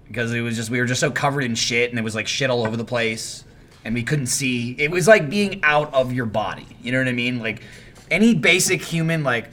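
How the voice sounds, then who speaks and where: A man talking in a casual podcast chat, expressive and quoting others. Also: mid-range voice, a little fast. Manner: expressive, quotes people. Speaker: podcast co-host.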